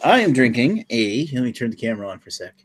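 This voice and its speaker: Relaxed man from New Brunswick, mid-pitched, dry humor, livestream guest. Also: fast, a little hiss or hum. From New Brunswick, Canada. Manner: relaxed, matter-of-fact, dry jokes. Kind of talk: casual chat on a livestream.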